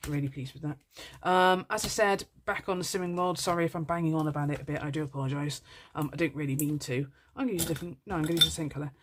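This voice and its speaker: A woman's voice: sits low, steady tone, rapid-fire, few pauses, background noise. A woman chatting in a casual budgeting vlog, bubbly and apologetic, with lots of ums. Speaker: budgeting vlogger.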